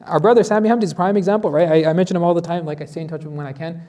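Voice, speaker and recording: A man's voice: fairly high pitch, steady tone, very fast, mellow. A man teaching a Quran lesson as an imam, asking his class questions and reciting Arabic verses.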